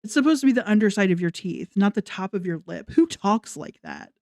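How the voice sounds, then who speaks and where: A woman's voice: medium pitch, lively intonation, fairly quick, darkish tone, dry recording, clean studio sound. A woman ranting in a casual commentary vlog, sarcastic and mocking, swearing often. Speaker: commentary vlogger.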